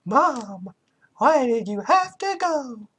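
A man voicing a timid young girl haunted by her family's secrets, in a squeaky falsetto as he reads game text aloud. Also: big pitch swings, slow pace, fairly bright tone, slightly rough, heavily acted. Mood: sulky.

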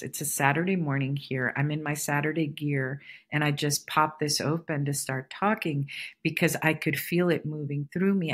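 A woman hosting her own podcast, musing in a relaxed spiritual monologue that circles back and repeats her phrases. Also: deep voice, husky. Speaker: podcast host. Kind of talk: casual solo podcast monologue.

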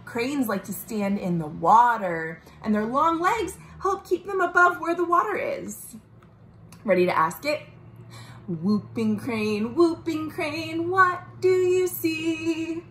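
A woman librarian reading a picture book aloud to young children at home, gentle and sing-song, asking the little listeners questions. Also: sits high, lively intonation, slow pace, echoey room, a little hiss or hum. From United States. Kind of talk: storytime read-aloud for children.

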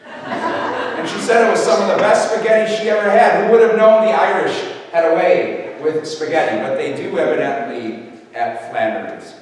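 Older priest preaching in an echoey church. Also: male voice, sits high, normal speed, slight background noise. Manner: storytelling, warm anecdotal with restarts. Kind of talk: sermon. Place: large church. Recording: echoey church hall from a distance.

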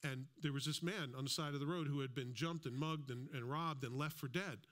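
A man's voice: mid-range voice, a little fast, fairly bright tone. A man preaching a sermon as a pastor, in a conversational style with asides and acted-out quotes. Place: church.

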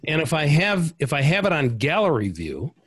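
A man's voice: a little high, huge pitch swings, normal speed, slightly rough. A man hosting an interview, reflecting aloud in searching phrases. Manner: thoughtful, searching phrasing with restarts. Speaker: interview host. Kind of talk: conversational interview over video call.

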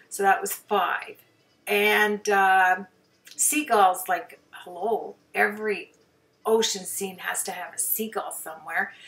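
A woman's voice: mid-range voice, fairly bright tone, recorded from a distance. A woman hobby painter chatting casually over her own painting, rambling and poking fun at herself, with plenty of fillers. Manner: chatty, rambling, self-deprecating, many fillers.

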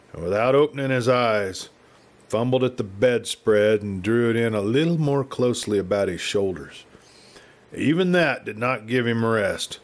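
A man narrating a western novel as a storyteller, measured and unhurried. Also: mid-range voice.

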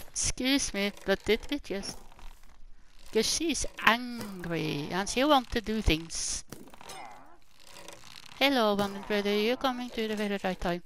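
A woman's voice: medium pitch, lively intonation, unhurried, fairly bright tone, slight background noise. A woman hosting casual gameplay commentary, chatty and exclaiming, talking back to the characters on her screen. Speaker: gaming channel host.

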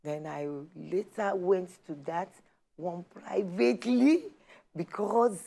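Animated woman telling her story. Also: on the low side, slow, vocal fry. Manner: animated storyteller, acts out quoted dialogue. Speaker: guest sharing her testimony. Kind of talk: personal storytelling on a talk show.

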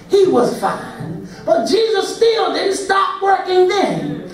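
A man in his fifties preaches a fervent sermon in a strikingly high, lively voice, rising to shouts and calling the congregation y'all. He takes his time over each phrase. The sound is a reverberant church sanctuary picked up from far off. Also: slow, few pauses. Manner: impassioned, builds to shouts, addresses congregation as y'all. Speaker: assistant pastor.

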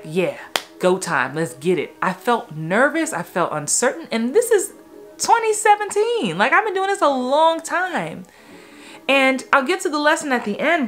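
A woman's voice: medium pitch, fairly bright tone. Candid woman retelling an on-set story. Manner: candid, emotional, quick asides and restarts. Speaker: actor and acting coach. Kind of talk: personal storytelling vlog.

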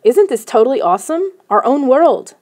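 A woman's voice: high voice, sing-song, normal speed, pitched above the performer's own voice. A woman doing a bold, restless boy. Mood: eager. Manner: eager, pushy, shouting.

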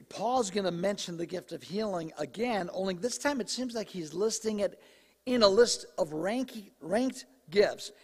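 A man preaching a sermon as pastor in a conversational, joking way, his voice slightly hoarse as he clears his throat. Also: high-pitched. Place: church sanctuary. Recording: live church recording with long reverb.

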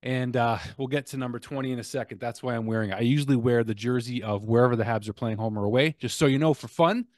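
Lively young man recapping hockey. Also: mid-range voice, fast talker, hardly any pauses, dry recording, clean studio sound. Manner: energetic, self-mocking, jokey. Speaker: hockey vlogger. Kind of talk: casual game recap.

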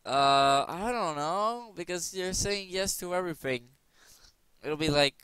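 A young man with a bright, crisp and slightly high voice, talking casually as he works through quiz questions. He rambles and jokes and keeps slipping into silly voices. The sound is dry and close to the mic. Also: unhurried, dry recording. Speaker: gaming channel host. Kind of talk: casual commentary playing a quiz game.

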